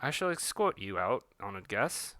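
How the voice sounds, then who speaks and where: A man's voice: on the low side, very animated, moderate pace, pushed and bright, dry recording, voice pushed down. A man voicing a haughty male estate master, stiff and formal.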